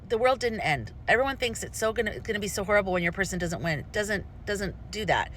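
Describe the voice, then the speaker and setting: Woman vlogger, impassioned and rambling, crisp bright tone, faint noise behind. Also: medium pitch, expressive, fast, hardly any pauses. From United States. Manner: impassioned, rambling with frequent restarts. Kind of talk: personal opinion vlog.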